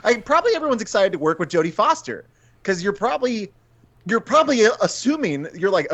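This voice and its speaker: A man with a slightly high voice, talking as a podcast guest on a video call. He chats with enthusiasm and swears freely as he goes. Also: sing-song, fairly quick, a bit bright. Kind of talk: casual chat.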